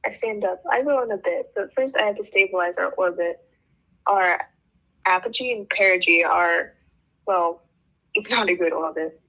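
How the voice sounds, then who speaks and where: A woman's voice: lowish voice, moderate pace, bright, forceful tone, rough recording. A woman hosting a book club, reading a novel aloud in the first person and breaking off now and then to laugh.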